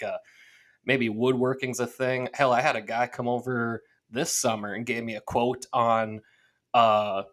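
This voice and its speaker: A man's voice: mid-range voice, fairly bright tone. A young man co-hosting a podcast, chatting casually and acting out his own thoughts as he tells stories. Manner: rambling storyteller, acts out his own thoughts. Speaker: podcast co-host. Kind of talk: casual chat.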